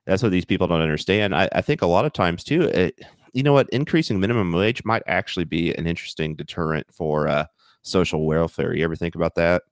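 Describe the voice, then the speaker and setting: A man's voice: low voice, fast, no room sound. A young American man co-hosting a podcast, chatting casually and animatedly, swearing and laughing often. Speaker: podcast co-host.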